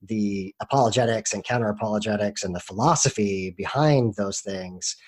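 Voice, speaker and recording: A man hosting a podcast, talking in an earnest, measured way with frequent filler words. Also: lowish voice. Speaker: podcast host. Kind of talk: podcast introduction and interview.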